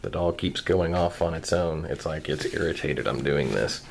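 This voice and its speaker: A man with a very deep, low voice talks through a craft tutorial one step at a time. He is calm and soft-spoken throughout. Faint room noise hums behind him. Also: normal speed, creaky. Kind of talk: voice-over craft tutorial narration.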